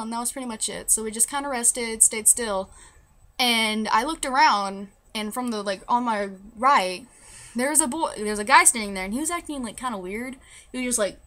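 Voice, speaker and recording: A woman's voice: on the high side, normal speed, sharp tone. A young woman telling a story to camera in a casual vlog, rambling with many restarts and fillers. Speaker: vlogger.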